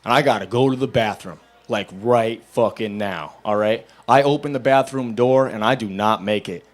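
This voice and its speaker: A young adult man doing a stand-up set at a bar open mic, telling stories in a dry, level voice and breaking into loud acted-out quotes. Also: on the low side, moderate pace, soft background music. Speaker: stand-up comedian.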